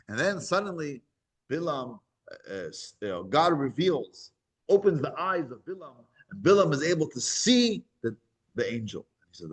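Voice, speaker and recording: A man teaching a scripture class, retelling the story with lively animation and acting out the voices. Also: on the high side, moderate pace, breathy edge.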